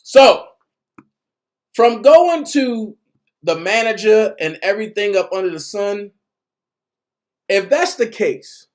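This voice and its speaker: A man's voice: high voice, animated, slow, long pauses. A man giving casual commentary as a vlogger, talking in slang and reading documents aloud.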